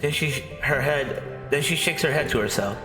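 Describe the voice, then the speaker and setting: A man streaming, reading a visual novel's narration aloud softly, with casual asides. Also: moderate pace, roomy sound, big-room sound, music in the background. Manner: soft, low-key narration with casual asides.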